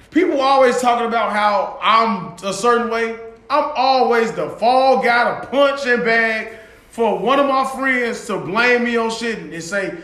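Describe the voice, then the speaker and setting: Male podcast co-host, high bright voice, animated storyteller, echoey room. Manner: animated storytelling with acted-out quotes and frequent laughter. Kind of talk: casual podcast chat.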